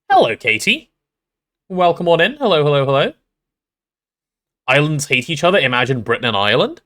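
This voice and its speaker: A man's voice: medium pitch, sharp tone. A man streaming a game live, chatting casually and playfully with his viewers, greeting them and repeating words as he reacts.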